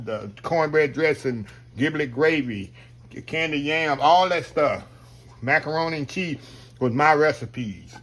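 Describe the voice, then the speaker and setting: Folksy man cooking, saying y'all. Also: mid-range voice. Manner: folksy, talks straight to viewers, says y'all constantly. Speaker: cooking show host. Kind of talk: casual cooking demonstration.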